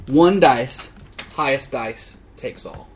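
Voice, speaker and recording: A man's voice: medium pitch, takes it slowly, slight background noise. A man playing a tabletop role-playing game, bantering playfully in character and laughing often.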